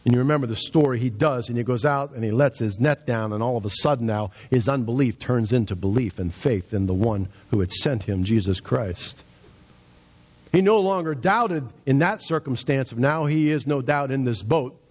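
A man's voice: mid-range voice, moderate pace, a little mellow, breathy edge, lo-fi sound. A man preaching a sermon with emphatic, rising and falling delivery.

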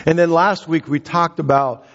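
A man's voice: on the high side, steady tone, moderate pace, fairly bright tone. A male pastor giving a sermon and praying, talking earnestly with frequent restarts and fillers. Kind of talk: sermon with prayer. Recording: dull lo-fi church recording with long reverb.

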